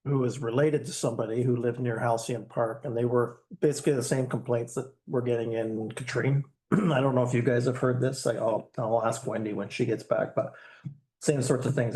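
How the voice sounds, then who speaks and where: A man's voice: medium pitch, steady tone, normal speed, a little mellow. A man chairing a township council meeting, reading through agenda items in a casual, plainspoken way with dry asides. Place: council chamber.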